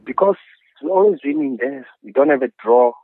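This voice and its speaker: A football striker speaking confidently as a guest over the phone. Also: male voice, mid-range voice, expressive, brisk, husky, dry recording. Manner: confident, plain-spoken. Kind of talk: phone interview. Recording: tinny dry phone line.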